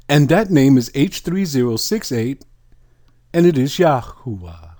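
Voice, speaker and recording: A man preaching a sermon, reading scripture aloud and putting pointed questions to his listeners in a slow, emphatic teaching manner. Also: mid-range voice, big pitch swings, warm tone.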